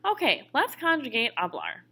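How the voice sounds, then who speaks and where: A woman records a classroom lesson, walking students through each step with patience. Her voice is bright and clear. Her pitch moves up and down a lot. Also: wildly swooping pitch, moderate pace. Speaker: Spanish teacher.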